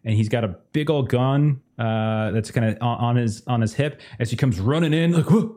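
A man's voice: mid-range voice, normal speed, dark tone. A man narrating as game master, casual and full of fillers.

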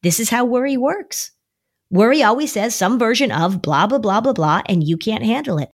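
A middle-aged woman, a therapist, talking on a podcast, animated and coaching, sometimes jumping into a high voice to mimic a child. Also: moderate pace. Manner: animated, acts out worried kids in a high voice. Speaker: anxiety therapist and podcast co-host. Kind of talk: podcast conversation.

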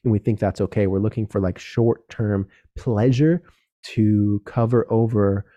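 A man's voice: fairly low pitch, measured pace, warm tone, dull audio. A young man hosting a solo podcast, talking earnestly and directly to other men, casual and with some swearing. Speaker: podcast host.

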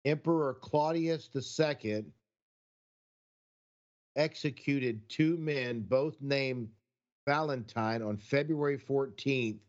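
A man's voice: mid-range voice, slow pace, pauses often. Man, casual podcast chat, folksy, rambling, reflective, slightly muffled lo-fi sound. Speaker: podcast co-host.

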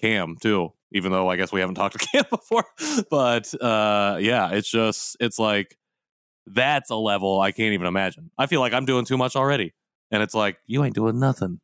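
A man co-hosting a podcast in casual chat, joking and teasing with quick comebacks. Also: on the low side, fairly bright tone, clean tone, no room sound, clean studio sound. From United States. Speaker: podcast co-host.

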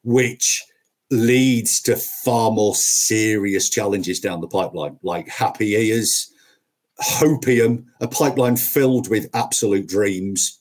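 Husky, emphatic man telling a sales story. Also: on the low side, darkish tone. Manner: emphatic, punchy repetitions. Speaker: podcast guest, sales trainer. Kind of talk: conversational storytelling.

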